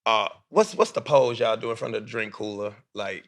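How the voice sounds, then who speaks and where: Energetic man quizzing young players. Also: lowish voice, normal speed. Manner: energetic, questioning, coaxing. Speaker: panel moderator.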